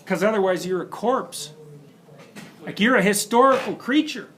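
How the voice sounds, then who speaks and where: A man lecturing at a university, telling a story in an emphatic, animated way and often restarting his sentences. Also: high-pitched, moderate pace.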